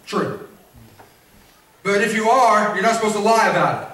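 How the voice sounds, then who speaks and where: A male preacher gives a sermon in a church sanctuary, repeating phrases and calling for responses from the congregation. His high-pitched voice moves at a normal speed, with a crowd audible behind him, captured from a distance in an echoey church.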